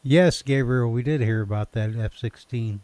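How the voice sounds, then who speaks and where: A man's voice: medium pitch, moderate pace, mellow. A man in casual chat, teasing and wisecracking. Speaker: chat participant.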